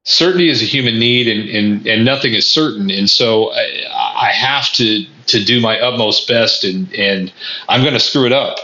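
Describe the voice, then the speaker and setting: Speaking at a moderate pace in a lowish, pushed and bright voice, this man is a vlogger reflecting earnestly on lessons he's learned. He addresses the viewer directly, frequently tripping over and repeating words while he thinks it through. An echoey room and dull lo-fi audio color the clip.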